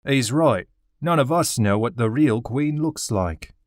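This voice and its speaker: Reading an audiobook, a man voices a blunt, suspicious male warrior who is out of breath, pitching above his own voice but staying close to an everyday tone. He speaks a little slowly at medium pitch with lively intonation, in a dry, studio-quality recording.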